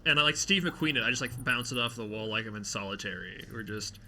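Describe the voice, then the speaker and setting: A man's voice: mid-range voice, fast talker, a little hiss or hum. A man playing a tabletop role-playing game, joking and chatty. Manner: joking, animated. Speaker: player. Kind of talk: casual tabletop play.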